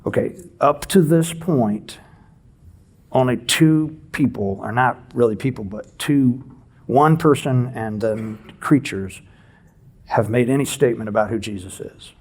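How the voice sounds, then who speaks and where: A man preaching a conversational expository sermon in a church, teaching with lively rhetorical questions. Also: medium pitch. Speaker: pastor.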